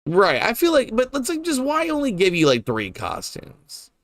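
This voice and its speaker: Animated, swearing young man streaming games. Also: extremely high pitch, normal speed, no room sound, clean studio sound. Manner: rambling, swears freely, laughs often. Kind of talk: casual gameplay commentary.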